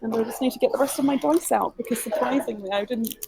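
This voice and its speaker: A woman's voice: a little high, fast, creaky. Eager woman player in a noisy café. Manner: eager, giggly. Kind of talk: casual tabletop game talk.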